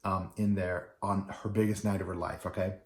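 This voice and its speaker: A middle-aged wedding DJ tells a story in a loose, rambling way, full of fillers and restarts. His voice sits low. The room around him is echoey. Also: little pitch movement, moderate pace. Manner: rambling with many fillers and restarts, acting out quoted people. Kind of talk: casual storytelling.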